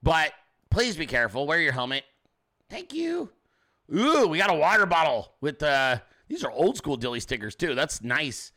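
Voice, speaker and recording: A man's voice: fairly high pitch, sing-song, fairly quick, sharp tone. A man hosting his own show, in brash, crude, rambling casual commentary, talking straight to his chat viewers. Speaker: show host.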